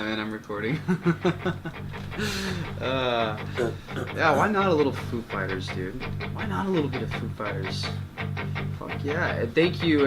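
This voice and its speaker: A man's voice: medium pitch, low-quality recording. A man hosting a podcast, laid-back, laughing and swearing casually. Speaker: podcast host. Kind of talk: casual chat. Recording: guitar music playing loud behind.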